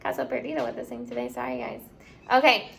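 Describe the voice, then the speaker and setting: A woman's voice: on the high side, fast talker, vocal fry. A woman teaching a class, spelling words out letter by letter and mixing in Spanish words. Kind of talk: online class lesson.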